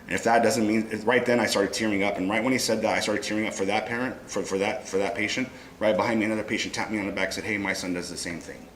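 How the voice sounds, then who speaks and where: A man's voice: lowish voice, quick pace, slight background noise. A man giving an impassioned talk at a conference, telling stories and acting out the dialogue himself. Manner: animated storytelling, acting out dialogue. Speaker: conference speaker. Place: conference room. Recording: echoey room with faint ambience.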